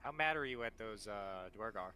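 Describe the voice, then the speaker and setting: A man's voice: fairly low pitch, expressive, normal speed, bright, forceful tone. A man plays a tabletop game, talking casually and hesitantly, often stammering. His voice rises and falls a lot, over a faint background hiss. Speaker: player.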